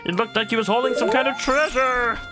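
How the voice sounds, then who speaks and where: Man doing an excited villager's ghost tale. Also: very high voice, brisk, over loud music, voice pushed up. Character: excited male villager telling a ghost sighting.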